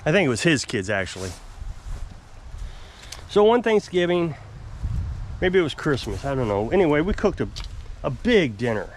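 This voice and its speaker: A man's voice: mid-range voice, slight background noise. A man telling a vlog story as an off-grid homesteader, ranting in an aggravated way about a neighbor. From United States. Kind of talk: casual vlog rant.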